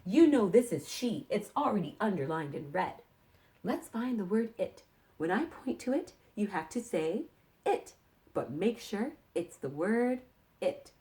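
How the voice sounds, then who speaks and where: A woman teaching sight words to young kindergarten children in a slow, encouraging sing-song way. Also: mid-range voice, very animated, mellow.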